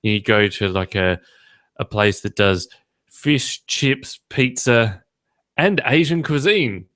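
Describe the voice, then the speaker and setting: An Australian man hosts a podcast in loose, casual chat. He jokes and goes off on rants at a middling pitch. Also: lively intonation, takes it slowly, fairly bright tone. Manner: joking, ranting. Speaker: podcast host.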